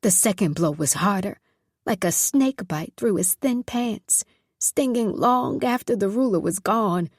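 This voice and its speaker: A woman reading a novel aloud in steady, measured narration. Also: mid-range voice, no room sound, clean studio sound. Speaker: audiobook narrator. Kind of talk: scripted narration.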